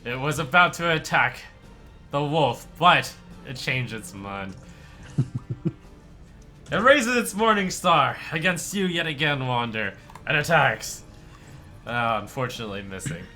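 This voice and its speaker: A man co-runs a tabletop game, narrating monster moves and teasing players with a dry wit. His voice is bright, set at a middle pitch, with faint music behind. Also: animated, a little slow, long pauses. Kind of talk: running a tabletop game over voice chat.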